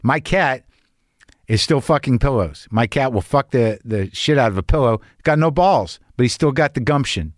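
A man's voice: mid-range voice, expressive, normal speed, dry recording. Male podcast host, comic monologue, anxious rambling, profane, self-mocking, dry close sound. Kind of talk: comedic monologue and casual chat.

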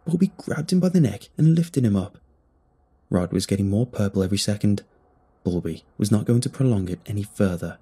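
Brief: man, low warm voice, husky, reading a scary first-person tale. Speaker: storyteller. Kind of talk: first-person horror story narration.

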